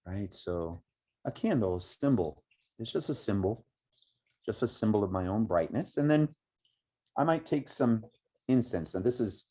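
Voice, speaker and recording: Unhurried man teaching a meditation setup. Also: on the low side, mellow. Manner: unhurried, reflective, with frequent pauses and restarts. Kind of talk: spoken meditation instruction. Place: outdoors by woods.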